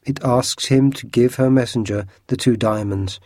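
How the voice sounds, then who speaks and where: A man's voice: medium pitch, moderate pace, dark tone, no echo, clean studio sound, natural voice. A man reading a storybook, voicing an anxious young noblewoman who brings an urgent plea. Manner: pleading, anxious.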